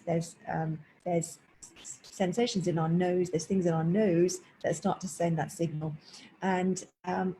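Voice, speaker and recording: A woman's voice: on the low side, dark tone, a little hiss or hum, poor audio. A woman meditation teacher at home, explaining breathing in a chatty way and breaking off now and then to talk to her cat. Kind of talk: casual spoken class introduction. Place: at home indoors, rain outside.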